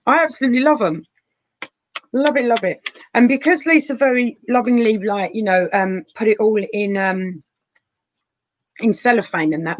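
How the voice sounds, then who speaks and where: This woman speaks at medium pitch while chatting through a live tarot reading from her living room sofa, addressing viewers as darling and honey. The recording is dry and rough.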